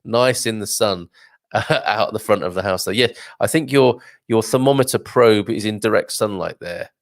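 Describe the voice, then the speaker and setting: Gravelly, chatty male show host. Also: lowish voice, no echo, clean studio sound. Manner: chatty, rambling, quick to laugh and joke. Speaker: live show host reading viewer comments. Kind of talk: casual live-stream chat.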